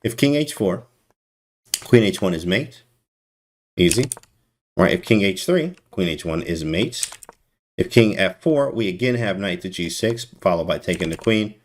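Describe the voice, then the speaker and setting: A man's voice: low-pitched, a little slow, pauses often, a little hiss or hum. A man giving casual, teasing chess commentary on a live stream and talking to his chat. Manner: animated, teasing, talks to chat.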